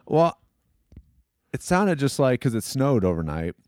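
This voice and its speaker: A man co-hosting a casual chat who tells stories haltingly, trailing off mid-sentence. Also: mid-range voice, big pitch swings, a little mellow, dry recording, clean studio sound. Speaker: podcast co-host.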